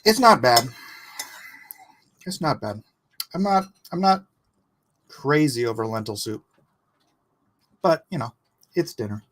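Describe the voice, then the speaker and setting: A man's voice: medium pitch, expressive, slow, long pauses, a bit bright, a little hiss or hum. A man hosting a casual art livestream, chatting loosely and laughing easily while he eats. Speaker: livestream host.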